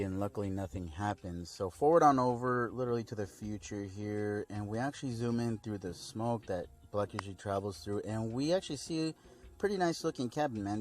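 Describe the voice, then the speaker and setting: A man's voice: lowish voice, darkish tone. A man giving a casual episode recap and review, talking in a loose, slangy way with lots of fillers. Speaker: video reviewer.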